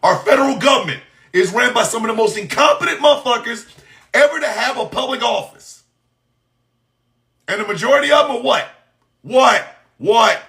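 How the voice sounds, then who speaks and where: A man delivering an impassioned, profane monologue, shouting in bursts and firing off mocking rhetorical questions. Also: very high voice, a little fast, vocal fry.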